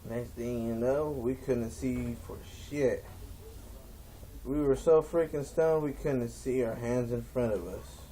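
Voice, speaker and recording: A man's voice: mid-range voice, slow, warm tone, slight background noise, poor audio. A young man telling a rambling stand-up story in a stoned drawl. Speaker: comedian.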